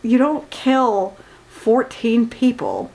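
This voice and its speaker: A woman's voice: fairly high pitch, slow pace, darkish tone, low-quality recording. A woman giving a casual rant review of a book, full of sarcastic, incredulous asides and mocking exasperation.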